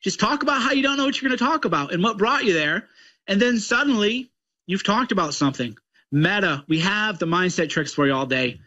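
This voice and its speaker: A man's voice: sits high, animated, a little fast, sharp tone, muffled recording. A man giving ranting political commentary in a mocking, combative way.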